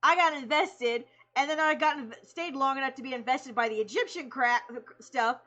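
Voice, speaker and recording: A woman streamer excitedly telling a story in casual chat, laughing, swearing and acting out the people she quotes. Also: high voice, moderate pace.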